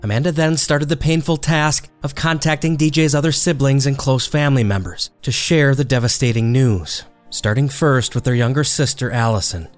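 Man narrating true crime over music. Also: mid-range voice. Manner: measured, dramatic storytelling delivery. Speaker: narrator and host.

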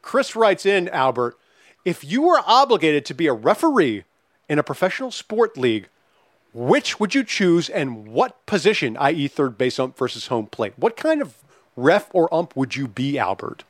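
A man's voice: a little high, moderate pace, no echo. Male podcast host, bouncy upper-range voice, dry close mic, casual and profane. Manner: animated, profane, reads listener questions.

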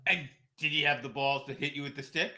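A man in his forties chatting casually, often pausing and restarting with ums. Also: a little high, steady tone, pushed and bright. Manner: halting, trails off with ums. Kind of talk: casual chat.

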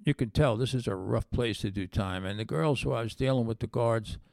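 A man's voice: medium pitch, brisk, gravelly, no room sound. A middle-aged man, a former undercover agent, telling his story in an interview and acting out the voices of the people in it. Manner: animated storyteller, acts out quoted voices.

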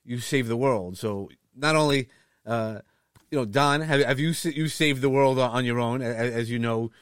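A man's voice: mid-range voice, moderate pace, smooth, dry recording. A man with a New York accent hosts a casual interview, his mid-range voice recorded dry and close. He rambles a little and restarts his sentences as he chats. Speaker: interview host.

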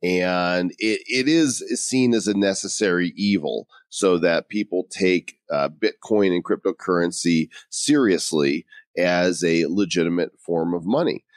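A man's voice: sits low, unhurried, hardly any pauses, dry recording, clean studio sound. A man co-hosting a podcast in casual chat, joking around and reading out bits of articles. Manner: joking, reads out article quotes. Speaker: podcast co-host.

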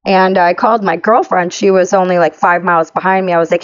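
A woman's voice: lowish voice, a little fast, dry recording, dull audio. A woman co-hosting a casual chat show, telling road stories with lots of laughter. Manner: lively storyteller, laughs often. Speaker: podcast co-host.

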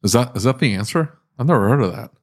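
A man's voice: medium pitch, animated, fast talker. A man with a northern US accent hosting a casual talk show, joking and cutting in often. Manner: joking, talkative, often cuts in. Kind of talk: casual chat.

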